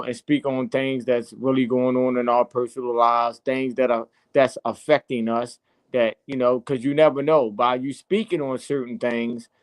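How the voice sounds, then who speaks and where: A man hosting his own podcast, talking casually and then preaching hard, with swearing and shouts. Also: medium pitch, dry recording, low-quality recording. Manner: preachy, rising to impassioned shouting and cursing. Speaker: podcast host.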